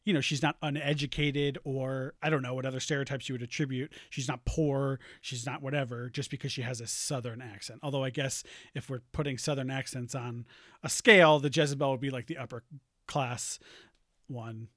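A man's voice: medium pitch, steady tone, a little fast, fairly bright tone, no echo, studio quality. A man, a podcast host and game master, chatting casually with many fillers and restarts. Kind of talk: casual chat.

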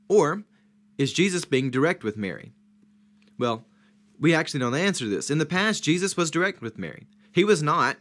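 A man's voice: mid-range voice, a bit bright. A man leading a Bible study, teaching point by point, posing questions and stressing key words. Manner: structured, emphatic, points and questions.

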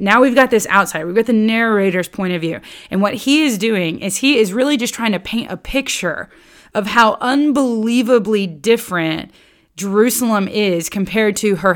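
A woman leading a casual Bible study, talking in a lively, conversational way. She keeps checking in with her listeners as she explains, and her voice sits at an ordinary middle pitch. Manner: chatty and animated, with many rhetorical "right?" and "okay?" checks.

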